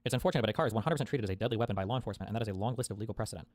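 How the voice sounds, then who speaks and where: A man's voice: fairly low pitch, rapid-fire, background noise. A man live-streaming, arguing with his chat in a profane, argumentative way while thinking aloud. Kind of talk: live reaction commentary.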